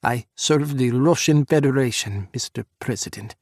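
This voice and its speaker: Man doing a stern young male officer, growling, gritted teeth, gravelly, dry. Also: mid-range voice, normal speed, no room sound. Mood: bitter.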